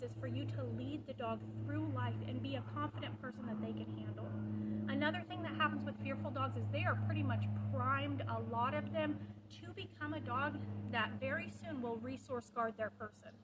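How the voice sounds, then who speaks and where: A woman's voice: high-pitched, heavy background noise. A woman dog trainer giving a practical, direct lesson, explaining with quoted examples. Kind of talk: instructional talk to camera.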